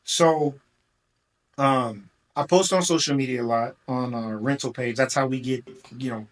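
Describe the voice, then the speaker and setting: A man's voice: medium pitch, unhurried, low-quality recording. A man who runs a car rental business, telling a long story in a casual, rambling way, full of fillers and quoted back-and-forth.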